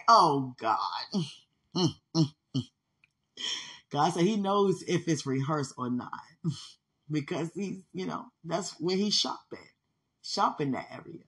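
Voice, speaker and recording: Woman, lowish voice, husky, spiritual podcast host, laughs a lot, fervent exclamations. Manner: laughs often, exclaims and testifies with rising fervor.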